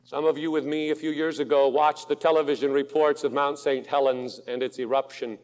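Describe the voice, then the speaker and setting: Man preaching slow n fired up, voice a bit high, big hall echo. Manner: slow, impassioned preaching, swinging from hushed to loud. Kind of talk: sermon. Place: auditorium. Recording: long hall reverb.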